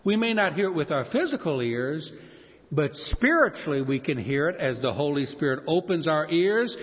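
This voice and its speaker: Older guy preaching, from texas, up and down voice, pauses a lot, muffled echoey church audio. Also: a little high, big pitch swings. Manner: earnest preaching with shifting emphasis and dramatic pauses. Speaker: pastor. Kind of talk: sermon. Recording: muffled sound in a reverberant hall.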